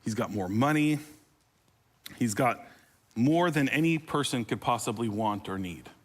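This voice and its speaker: A man's voice: mid-range voice, lively intonation, a little slow. A man preaching a sermon as pastor, conversational and humorous, with playful asides and rising intensity on emotional appeals.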